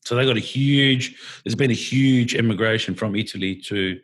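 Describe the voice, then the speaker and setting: An Australian man co-hosting a podcast, chatting casually and telling rambling, animated stories. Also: medium pitch, normal speed. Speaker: podcast co-host. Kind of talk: casual chat.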